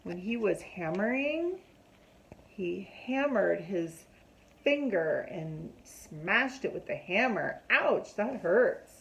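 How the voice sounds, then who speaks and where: Slow, lively woman reading a picture book. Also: mid-range voice, creaky, lo-fi sound, a little hiss or hum. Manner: explains pictures, asks children questions. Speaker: storyteller reading to children. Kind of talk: picture book read-aloud.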